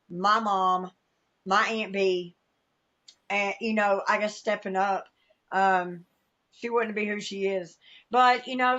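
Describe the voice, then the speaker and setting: Southern woman guest, candid and emotional storyteller, mid pitch, slightly dull recording. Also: a bit bright. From American South. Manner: candid, emotional storytelling, acts out quoted voices. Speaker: podcast guest. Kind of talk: personal testimony in conversation.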